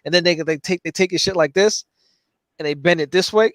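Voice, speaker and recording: A man with a somewhat high voice tells stories on a casual livestream, animated and swearing freely. The sound is dry and close, with almost no room around it. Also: fairly quick, dry recording. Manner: animated, profane storytelling. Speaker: co-host and comic creator.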